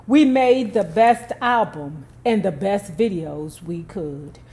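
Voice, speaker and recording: A hurt, bitter manager, as a woman reads him out speaks firmly about being wronged. The voice stays near a middle pitch, plain and resentful. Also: expressive, slow pace, a little mellow. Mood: aggrieved.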